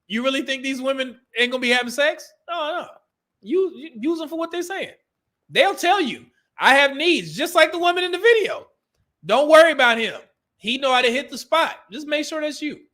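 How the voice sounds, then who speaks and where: Man, Californian accent, live-stream host, bright voice, loose joking delivery. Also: extremely high pitch, lively intonation, fairly quick. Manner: loose, joking, laughs often, reads viewer messages. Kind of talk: casual live-stream commentary.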